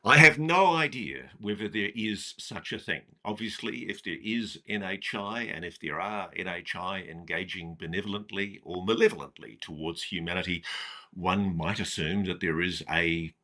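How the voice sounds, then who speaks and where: Male guest, low-pitched, bright delivery, cautious but blunt. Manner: measured, hedging, blunt at times. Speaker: interview guest. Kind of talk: speculative interview commentary.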